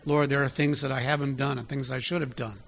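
A man's voice: medium pitch, little pitch movement, fast, fairly bright tone. A man preaching a sermon in an easy, conversational way, often asking his listeners direct questions.

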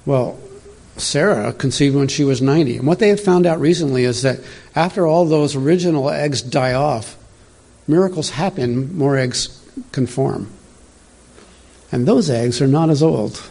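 A middle-aged man delivers a loose, conversational sermon to a room of churchgoers, drifting into tangents and chuckling at himself. His voice is husky and sits at an ordinary, middle pitch. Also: normal speed, mellow. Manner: chatty, digressive, laughs at own asides. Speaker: preacher. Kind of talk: informal sermon.

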